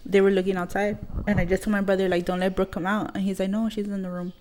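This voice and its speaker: A young woman with a lilt tells a story on a casual podcast. She swears freely and acts out everyone's lines. Her voice sits at an ordinary middle pitch. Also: quick pace. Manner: profane, animated retelling with quoted dialogue. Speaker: podcast co-host.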